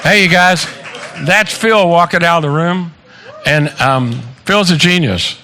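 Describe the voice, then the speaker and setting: A man in his seventies stands at a handheld microphone at his own party, spinning loose, profane family stories and laughing along with them. His voice sits a little high for a man. A faint murmur of room noise hangs behind him. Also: measured pace, pushed and bright, some chatter behind. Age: 70s. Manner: joking storyteller, swears freely, laughs at own stories. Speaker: birthday speaker. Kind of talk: casual party speech. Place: party venue with guests.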